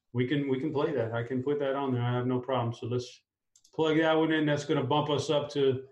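A man hosting a casual fantasy sports chat, upbeat and talking his picks through out loud. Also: medium pitch, echoey room, low-quality recording. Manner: upbeat, talks through a lineup aloud. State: clearing a tickle in his throat. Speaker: fantasy sports show host.

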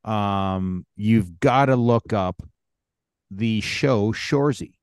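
A man's voice: lowish voice, slow, clear, resonant tone, no echo, studio quality. A man co-hosting a podcast, speaking bluntly and with emphasis about hockey. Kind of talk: casual chat.

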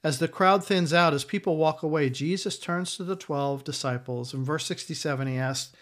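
A man's voice: fairly high pitch, moderate pace, hardly any pauses, a bit bright. A man preaching a sermon as a pastor, emphatic and given to repeating key lines for effect.

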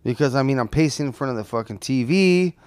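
A man's voice: medium pitch, lively intonation, fast, darkish tone, clean tone. Male co-host, opinionated and profane, mid-range voice. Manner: blunt and heated, heavy profanity. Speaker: podcast co-host. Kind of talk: casual chat.

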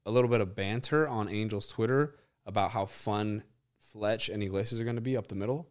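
A man's voice: lowish voice, a little fast. A young man co-hosting a sports podcast, playful and teasing, swearing and joking with friends. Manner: playful, puts on silly voices. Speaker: podcast co-host. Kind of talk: casual sports podcast banter.

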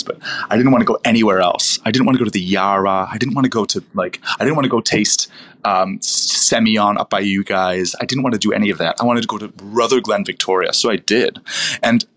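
A man's voice: on the low side, fast talker, a bit bright. A man from the United States, a wine professional, telling long rambling stories in a casual interview, full of fillers and restarts. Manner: rambling, self-interrupting storyteller with many fillers.

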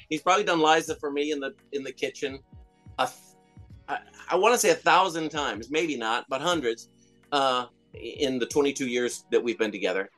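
A man's voice: medium pitch, fairly bright tone. Rambling, hesitant middle-aged man. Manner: rambling, hesitant, many fillers and restarts. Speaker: interviewee, comedian and songwriter. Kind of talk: casual interview storytelling.

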